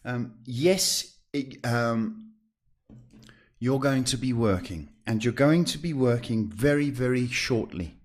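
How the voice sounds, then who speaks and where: A man hosting a live psychic reading podcast, talking in a reassuring, chatty way with drawn-out emphasis and many fillers. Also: mid-range voice. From South Africa. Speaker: psychic host.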